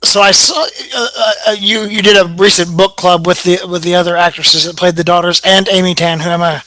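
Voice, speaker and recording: A podcast host asking interview questions in a measured way, with some hesitations. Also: medium pitch, fairly even intonation, pushed and bright, no echo, poor audio.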